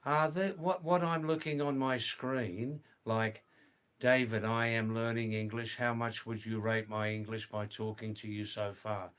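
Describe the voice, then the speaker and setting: A middle-aged man hosting a livestream, reading viewer comments aloud and slowly, gently correcting their English. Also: fairly low pitch, level tone, clean tone. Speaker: livestream host.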